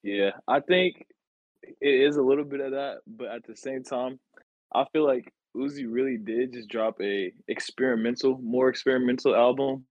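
A man's voice: mid-range voice, moderate pace, no echo, lo-fi sound. A man talking casually as a guest on a music review chat, easygoing, with slang and hesitant restarts. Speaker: guest, friend of the host.

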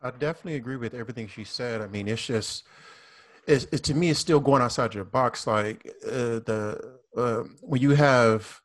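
A man, a police officer, speaking earnestly on a panel discussion, often repeating himself and restarting phrases. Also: mid-range voice. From American South. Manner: earnest, repetitive, halting restarts.

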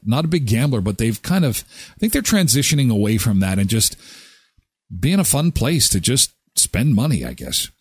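Animated, chatty man hosting a show. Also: husky, no echo. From Canada. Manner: chatty, joking, animated pitch jumps. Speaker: host of a live daily show. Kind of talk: casual solo commentary.

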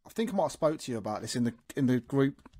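A man's voice: medium pitch, rapid-fire, no room sound, studio quality. A man telling a trucking story in casual chat, acting out what people said. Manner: animated, acts out quotes. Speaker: podcast co-host, truck driver.

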